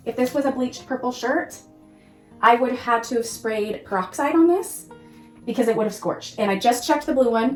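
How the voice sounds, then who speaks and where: A woman hosting a casual crafting tutorial, gushing and excitable, often exclaiming over her work. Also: on the high side, echoey room. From Pacific Northwest of the US. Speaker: crafting channel host.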